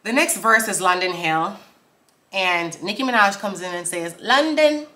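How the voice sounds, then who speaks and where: A woman breaking down song lyrics for viewers, laughing often and reading lines out slowly before explaining them. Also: on the low side, pushed and bright. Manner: talks straight to viewers, asks for comments. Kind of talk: casual chat.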